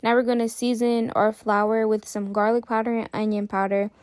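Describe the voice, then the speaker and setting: A woman hosting a cooking channel, talking viewers through a recipe in a chatty, relaxed way. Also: on the high side, normal speed, no room sound. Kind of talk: casual cooking tutorial.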